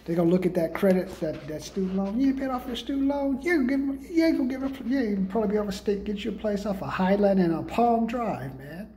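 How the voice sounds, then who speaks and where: A man with a dark, expressive voice talks fast with hardly any pauses in a comedic rant. Posing as a sales guru and hard-sell pitchman, he rambles profanely in streetwise slang to push pricey programs; a little hiss or hum is audible.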